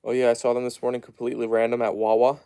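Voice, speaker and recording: A man's voice: mid-range voice, flat delivery, racing, clean tone. Chatty man live-streaming at home. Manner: chatty, reads viewer comments aloud and hushes his dogs softly. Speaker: live streamer reading chat. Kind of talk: casual live-stream chat. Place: at home, down in the basement.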